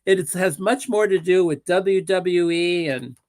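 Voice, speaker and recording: A man's voice: sits high, a little slow, darkish tone. A man on a panel, theorizing in a musing, amused way. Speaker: political commentator on a panel. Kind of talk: analytical panel talk.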